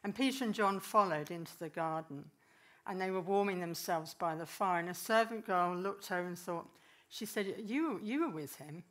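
A woman preaching a sermon, telling Bible stories in a lively way and acting out the figures. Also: on the low side, moderate pace. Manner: lively storytelling, voices the figures, laughs.

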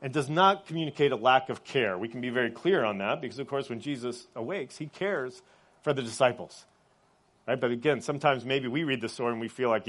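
A man preaching a sermon in a conversational way, often checking in with his listeners and dropping soft and quiet on reflective points. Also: medium pitch, a little fast. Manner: conversational, often adds "right?" as a tag. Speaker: pastor.

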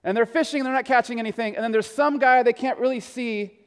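A male pastor preaching a sermon, telling the story in a conversational way that swings between hushed and emphatic. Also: extremely high pitch, quick pace, smooth, big-room sound.

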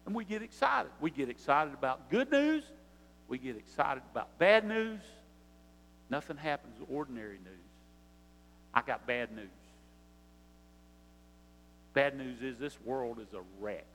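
A man's voice: medium pitch, sing-song, measured pace, pauses often, fairly bright tone, in a large hall, a little hiss or hum. An older man, preaching a sermon with rising emphasis and repetition. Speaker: pastor.

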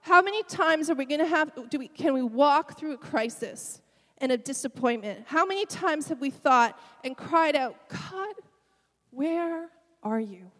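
A middle-aged woman pastor preaching a sermon, telling a personal story with emotion and soft laughs. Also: high-pitched, animated, normal speed, big-room sound.

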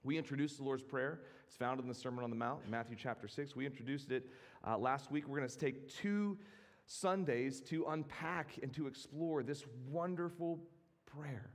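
A man preaching a sermon as a pastor, measured and reflective, with occasional restarts. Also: mid-range voice, big-room sound.

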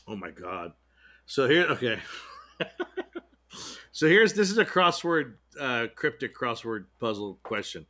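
A man's voice: medium pitch, very animated, a little slow, long pauses, pushed and bright. A man co-hosting a podcast, joking around and reading trivia aloud in a casual, irreverent way. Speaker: podcast co-host. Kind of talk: casual chat.

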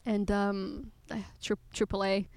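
A woman's voice: medium pitch, flat delivery, unhurried, a little mellow, no echo. Chatty woman game developer, laughing often. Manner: chatty, laughs often, many fillers and restarts. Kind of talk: casual conversation.

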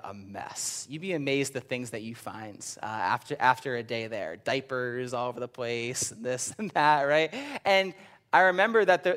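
A man's voice: mid-range voice, a bit bright. Conversational man preaching a sermon. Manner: conversational preaching, often asks "right?". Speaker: preacher and school teacher.

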